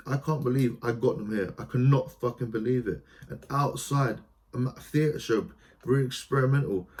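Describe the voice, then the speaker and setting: A man, a theatre practitioner talking as a podcast guest, animated and storytelling, often breaking into quoted voices and restarting his sentences. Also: medium pitch. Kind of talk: conversational podcast interview.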